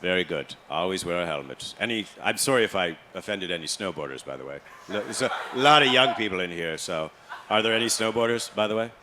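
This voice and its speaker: Man, stand-up comedian, deadpan, crowd work, live club recording, audible noise. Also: sits low, a little fast. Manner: deadpan storytelling, loud put-on voices for family.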